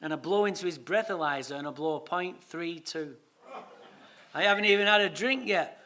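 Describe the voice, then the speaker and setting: At a recovery meeting, an Englishman tells his own story in a lively, comic way, swearing freely. His voice is a little high, and he speaks at a moderate pace.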